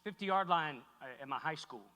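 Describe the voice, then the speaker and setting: Middle-aged man, keynote speaker, bright and forceful tone, echoey hall, halting heartfelt delivery. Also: on the high side, lively intonation. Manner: halting, heartfelt, many restarts. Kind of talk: emotional keynote speech. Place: large hall on stage.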